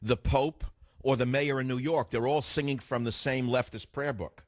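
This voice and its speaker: A man's voice: medium pitch, steady tone, normal speed, no echo, clean studio sound. A man hosting a political radio commentary, ranting fiercely, firing rhetorical questions and repeating phrases for emphasis. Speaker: radio talk show host.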